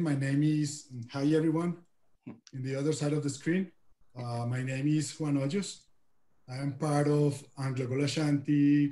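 A man from Colombia with a Colombian Spanish accent, giving a careful, halting webinar presentation over a video call with many repeated words. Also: mid-range voice, warm tone, reverberant. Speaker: guest speaker.

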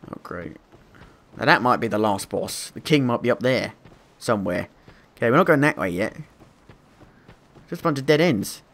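Guy, gameplay commentary, mid pitch, jumpy and sweary. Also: moderate pace. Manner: excitable, swears, panics and laughs at himself. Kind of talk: let's play commentary.

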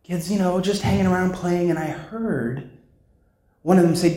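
A man giving a keynote speech at a conference, telling a story with dramatic pauses and acted-out sounds. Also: high-pitched, warm tone. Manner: dramatic storyteller, acts out sounds and voices, slows for emphasis. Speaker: keynote speaker. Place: conference hall. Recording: echoey hall sound.

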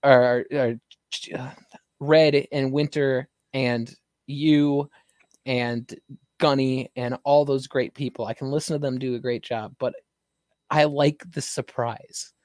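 A man's voice: medium pitch, fairly even intonation, takes it slowly, a little mellow, no echo, studio quality. A man playing in a tabletop campaign, chatting on a podcast in an earnest, rambling way. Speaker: player, podcast co-host. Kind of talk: casual podcast chat.

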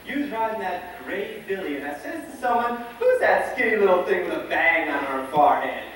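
An actor playing a cocky cheerful cowboy. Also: male voice, high voice, animated, brisk, fairly bright tone, a little hiss or hum. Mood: warm courting. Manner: boisterous, joking, swoops up on exclamations. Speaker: stage actor. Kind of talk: amateur stage musical acting. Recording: echoey stage hall, far-off mic.

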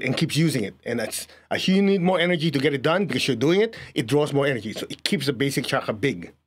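A man's voice: a little high, husky. A man teaching an energy healing class, leading a live audience through a guided exercise. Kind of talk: guided group lesson.

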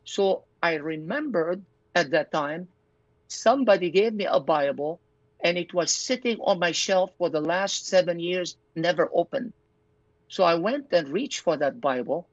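A little high yet expressive, this older pastor and doctor from Lebanon moves at a measured pace through his testimony as an interview guest. He speaks with sincerity, acting out quotes of his own thinking, and the dry lo-fi recording is dull with no room sound.

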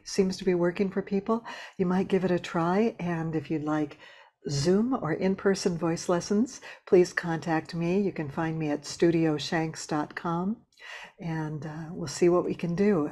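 A woman voice teacher giving a patient, measured explanation of a singing technique, with small restarts as she talks. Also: fairly low pitch, fairly even intonation, mellow. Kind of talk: instructional talk to camera.

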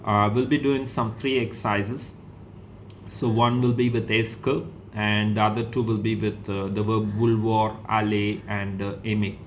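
A man's voice: fairly low pitch, flat delivery, unhurried, slight background noise. A man teaching a French lesson to a school class, patient and repetitive, saying okay between steps. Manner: patient, repeats each example, says okay often.

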